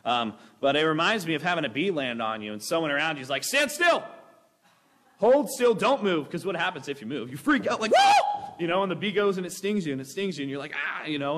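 A young man preaching a sermon with a rambling, energetic delivery, breaking into acted-out voices. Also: fairly high pitch, fast. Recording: long hall reverb.

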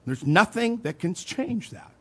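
High-voiced man preaching emphatically. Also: very animated, unhurried, breathy edge. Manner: earnest preaching, emphatic repetition, occasional soft laughs; swings between loud emphasis and quiet asides. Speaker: pastor. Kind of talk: sermon.

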